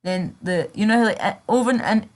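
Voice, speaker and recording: A woman's voice: mid-range voice, brisk. A young British woman chatting casually on a livestream, chatty and sweary, reading and answering her chat. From Britain. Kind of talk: casual live-stream chat.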